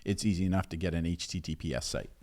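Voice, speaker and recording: A man's voice: low voice, rapid-fire, darkish tone. An older man co-hosting a casual tech-safety chat, teasing his partner and asking plain questions for older viewers. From Canada. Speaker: co-host.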